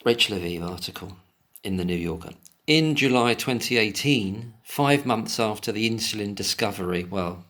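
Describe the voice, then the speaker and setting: A man with a fairly low voice reads passages aloud in a solo commentary. Between the passages he breaks into emotional, indignant tirades full of swearing. He keeps returning to the text and then flaring up again. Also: lively intonation, normal speed, fairly bright tone. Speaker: commentator reading and discussing an article. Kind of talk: solo commentary, reading aloud with angry asides.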